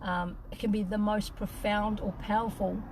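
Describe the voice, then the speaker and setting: A woman's voice: mid-range voice, flat delivery, normal speed, a little hiss or hum. A woman from New Zealand with a New Zealand accent, hosting a casual interview and showering her guest with praise. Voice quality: warm and encouraging, effusive praise. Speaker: show host.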